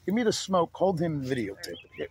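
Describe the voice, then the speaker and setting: A man's voice: fairly high pitch, huge pitch swings, fast, slight background noise. A man outdoors by a fence, coaxing a trapped animal and cursing at times, recorded on a phone camera. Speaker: turtle rescuer. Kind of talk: casual outdoor chatter. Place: outdoors by a chain-link fence. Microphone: phone camera held nearby.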